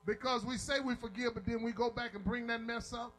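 A man preaching a sermon with call and response, shouting and half-singing at the peaks, telling folksy stories in plain, colloquial talk. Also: very high-pitched, fairly even intonation, a little fast, faint music behind, low-quality recording.

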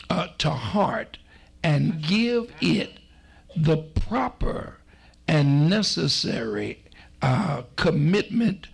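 A man preaching a sermon, slow and emphatic, with repetitions and a folksy storytelling manner. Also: on the high side, creaky, slightly rough. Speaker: pastor.

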